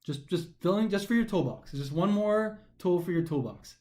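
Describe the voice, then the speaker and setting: A man teaching a recorded grammar lesson for a test, talking animatedly and slowing down to stress the pauses as he reads sentences aloud, sometimes tripping over his words. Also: high-pitched. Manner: animated, emphatic, slows down to stress pauses when reading aloud. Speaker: test prep instructor.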